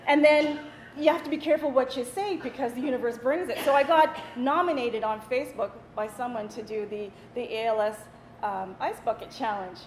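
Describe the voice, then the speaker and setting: A woman hosting a talk show, telling animated stories straight to a live studio audience. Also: sits high, fairly quick. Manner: animated, chatty, addresses the audience. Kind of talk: storytelling monologue to a studio audience. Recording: echoey studio with audience noise.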